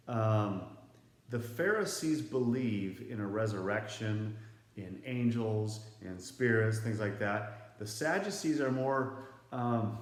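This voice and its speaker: A man teaching a Bible lesson to students in a casual, conversational way. He explains the passage, reads verses aloud, and asks the class questions. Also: medium pitch. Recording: roomy echo.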